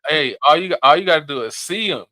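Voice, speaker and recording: Casting: male podcast host, rambling slangy delivery, bright crisp voice, close dry mic. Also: fairly high pitch, lively intonation, fast, no room sound. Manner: loose, rambling, many fillers and restarts, slangy. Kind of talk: casual podcast commentary.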